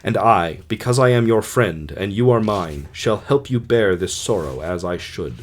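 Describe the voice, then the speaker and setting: A man voicing a solemn chorus leader in his own voice, reading measured lines of consolation for an amateur audiobook. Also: on the low side, lively intonation. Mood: consoling.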